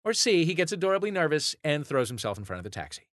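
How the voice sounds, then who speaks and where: Playful quiz host. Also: male voice, fairly high pitch, very animated, a bit bright, no echo, studio quality. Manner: sarcastic, playful, quick asides. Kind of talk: comedy podcast quiz hosting. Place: studio.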